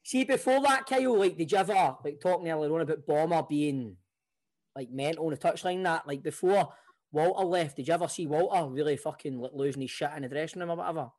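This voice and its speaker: A man's voice: a little high, quick pace, darkish tone. A man with a Scottish accent hosting a podcast, chatting casually with plenty of banter and swearing. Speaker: podcast host.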